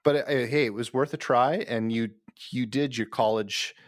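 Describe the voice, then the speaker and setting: Podcast co-host: Minnesota-raised man, teasing and playful, mid pitch, dry mic. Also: moderate pace, dry recording. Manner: playful, teasing, self-deprecating. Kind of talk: casual chat.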